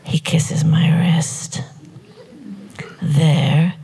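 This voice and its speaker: A woman telling a personal story to an audience in a hushed, confessional and wry way. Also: sits low, fairly even intonation, very slow, creaky, in a whisper.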